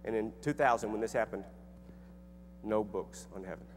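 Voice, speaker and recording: Here a middle-aged man, who speaks and writes books, tells an audience a personal story at a moderate pace, his voice fairly low. He sounds earnest and casual, often restarting and filling pauses. It's recorded in an echoing hall with a slight hum.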